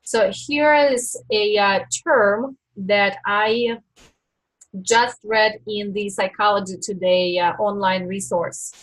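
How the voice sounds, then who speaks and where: Husky-voiced woman coaching slowly. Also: mid-range voice, steady tone, low-quality recording. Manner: slow, deliberate teaching with reflective pauses. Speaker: life coach. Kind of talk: live-stream coaching talk.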